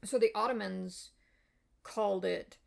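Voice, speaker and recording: A woman's voice: mid-range voice, steady tone, unhurried, creaky. A woman explaining history in a casual, rambling way, with many ums, uhs and apologetic asides. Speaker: video essayist.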